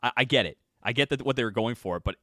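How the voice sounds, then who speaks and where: A man musing in a relaxed, drawn-out way about anime in casual podcast chat. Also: medium pitch, dry recording, clean studio sound. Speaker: podcast guest.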